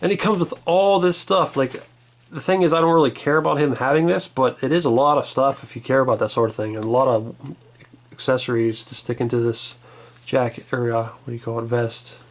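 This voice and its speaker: Relaxed man casually reviewing a toy. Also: medium pitch, brisk. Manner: relaxed, rambling, hesitant restarts.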